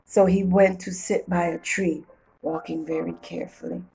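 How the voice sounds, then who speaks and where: A woman reading a children's storybook aloud with playful, expressive storytelling. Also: lowish voice, normal speed, gravelly, low-quality recording.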